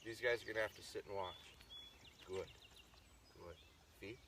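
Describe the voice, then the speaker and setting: Speaking at a moderate pace, a man with a fairly low, slightly bright voice livestreams from a rural farm as a dog trainer. He talks with viewers and gives his dogs short, firm commands, recorded outdoors on a phone or tripod camera with noticeable background noise.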